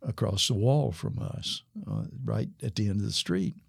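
A man's voice: on the low side, gravelly, slightly rough, dry recording, clean studio sound. An older man, a former missionary pastor, telling a story in an interview and acting out the lines of the people in it. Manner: unhurried storytelling that acts out quoted dialogue.

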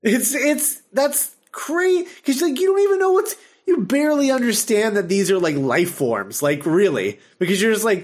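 A man hosting a podcast, retelling an episode in casual chat, animated and full of fillers and laughter. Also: high-pitched, normal speed, hardly any pauses. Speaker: podcast host.

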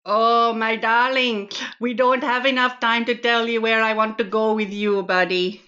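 A woman's voice: sits high, measured pace, a bit bright, highs cut off. A woman putting on a cheeky auntie. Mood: flirtatious. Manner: teasing, flirtatious, playful.

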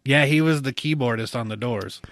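A man co-hosting a podcast, trading deadpan, provoking crude jokes in casual banter. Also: medium pitch, a little fast, no room sound, studio quality. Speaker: podcast co-host.

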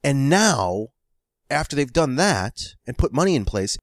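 A man's voice: medium pitch, sing-song, a little slow, no echo, clean studio sound. A man telling a long anecdote about his screenwriting work in a casual chat, laughing often and acting out quoted phone calls. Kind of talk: casual podcast storytelling.

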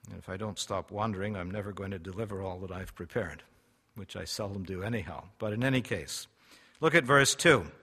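A man preaching a sermon, reading scripture slowly and solemnly, his loudness rising and falling for emphasis. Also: sits low, husky. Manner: emphatic, swells and drops in loudness; reads scripture in slow, solemn cadence. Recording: long hall reverb.

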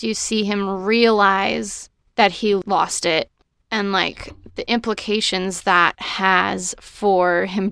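A woman's voice: medium pitch, vocal fry, a bit bright, clean tone, no echo, clean studio sound. A woman in casual chat about a film, playful and laughing a lot. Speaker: podcast co-host discussing a film.

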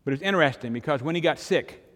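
A man's voice: fairly high pitch, lively intonation, fast talker, fairly bright tone, in a large hall. An older man, preaching a sermon in a conversational storytelling way, with sudden emphatic rises. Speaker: pastor.

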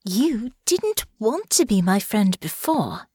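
A woman's voice: medium pitch, sing-song, takes it slowly, dark tone, breathy edge, no echo, studio quality, pitched above the performer's own voice, exaggerated voice. A woman voicing a proud young noblewoman who speaks sharply and bitterly, full of indignation. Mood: indignant.

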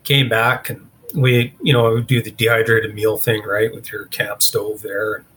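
A man's voice: lowish voice, little pitch movement, moderate pace, fairly bright tone, a little hiss or hum. A man, a guest in an interview, recounting a story in a casual, rambling way with lots of fillers. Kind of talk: storytelling in conversation.

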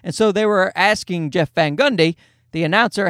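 A man's voice: high-pitched, normal speed, fairly bright tone, no echo, studio quality. A male podcast host and stand-up comedian telling a rambling, profane, self-deprecating comic story.

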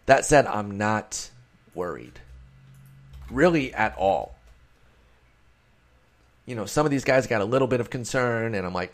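A man's voice: medium pitch, lively intonation, normal speed, pauses often. A man hosting a solo fantasy baseball show, talking casually and rambling in a self-deprecating way. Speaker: fantasy baseball podcast host.

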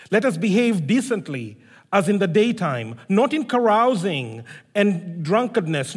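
High-voiced male preacher in a reverberant hall. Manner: animated storytelling with voiced dialogue. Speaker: pastor. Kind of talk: sermon. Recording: long reverb of a large hall.

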